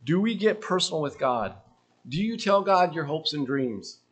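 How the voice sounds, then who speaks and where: A man preaching a sermon, earnest and questioning, letting his voice drop softly at the ends of phrases. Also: a little high, big pitch swings, moderate pace, slightly rough.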